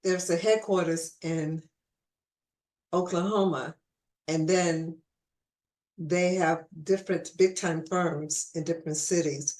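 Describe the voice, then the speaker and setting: Lady podcast host w/ hiccups, lowish voice, chatty, keeps restarting sentences. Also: steady tone, slow pace, pauses often, a little mellow. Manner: chatty, restarts phrases often. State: has the hiccups. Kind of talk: casual conversational interview.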